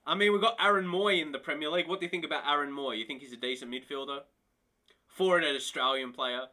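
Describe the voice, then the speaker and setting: A man's voice: a little high, very fast. A man live-streaming a football management game, chatting to his viewers and exclaiming in disbelief. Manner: excitable, talks to chat, laughs and exclaims in disbelief. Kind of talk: casual live-stream commentary.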